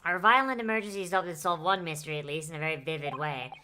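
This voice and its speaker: Reading out characters in a mystery game she's streaming, a woman keeps cutting away for profane, sardonic asides, cursing freely throughout the let's-play. She talks fast in a low-pitched, pushed, bright voice, and there's a little hiss or hum on the audio.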